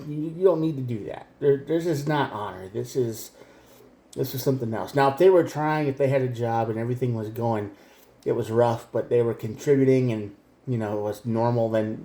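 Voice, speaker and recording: A man's voice: mid-range voice, warm tone. A man giving a tarot reading straight to the viewer, blunt and emphatic. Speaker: tarot reader. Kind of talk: direct-to-camera tarot reading. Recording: echoey room.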